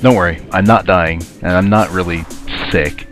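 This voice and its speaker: A man's voice: sits low, fairly even intonation, moderate pace, fairly bright tone, soft background music. A man with a stuffy, sinus-congested voice, casually commenting while playing a video game, rambling and grumbling at the game. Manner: rambling, muttering asides to the game. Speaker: let's play commentator.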